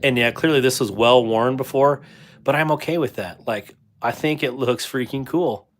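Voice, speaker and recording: A man's voice: medium pitch, moderate pace. A middle-aged man chatting casually on a livestream, reading viewer comments aloud and laughing often. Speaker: livestream host.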